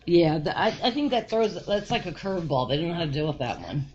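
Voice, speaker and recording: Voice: mid-range voice, expressive, quick pace, a little mellow. A speaker on a casual group audio chat, agreeing and chiming in with short replies. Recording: dull lo-fi audio with faint noise.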